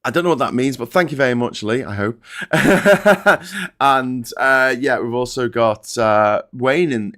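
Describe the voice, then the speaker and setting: A man's voice: medium pitch, fairly bright tone. A middle-aged British man hosting a live stream, reading chat aloud and giving wry, chatty commentary on the papers. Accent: British English. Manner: sardonic, chatty, reads chat and mocks headlines in silly voices. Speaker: host.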